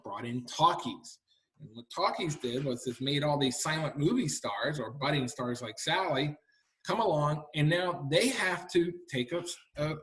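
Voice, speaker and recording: A fairly high-voiced man in middle age, who writes and studies history, lectures an audience with energy in a library talk room, keeping it conversational and tossing out rhetorical question after rhetorical question.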